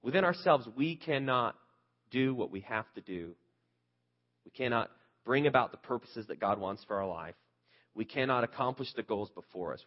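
A man's voice: lowish voice, highs cut off. A male pastor preaching a conversational sermon, earnest and candid, asking the listeners rhetorical questions.

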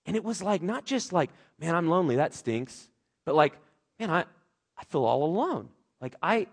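A man preaching a sermon as a pastor, earnest and open about his feelings, his delivery swinging between loud urgency and soft reflection. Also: on the high side.

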